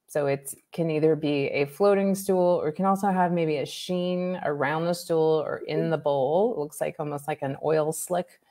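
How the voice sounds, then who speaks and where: A woman naturopathic doctor, a guest on an interview, explaining health topics in a lively way with examples and asides. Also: low voice, moderate pace, few pauses. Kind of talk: conversational expert explanation.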